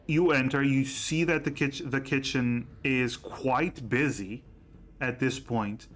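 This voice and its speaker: Male game master; unhurried, halting narration with frequent fillers. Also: medium pitch, steady tone, a bit bright.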